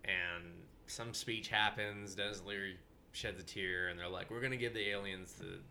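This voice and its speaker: Sarcastic, low-voiced man recapping a film. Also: fairly even intonation, normal speed, bright, forceful tone, slight background noise. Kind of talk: casual movie review chat.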